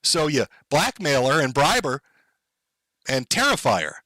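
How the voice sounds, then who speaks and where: A man's voice: on the high side, huge pitch swings, a little slow, pushed and bright, no room sound, rough recording. A man live-streaming sarcastic, profane commentary, mocking and sardonic as he reacts to clips.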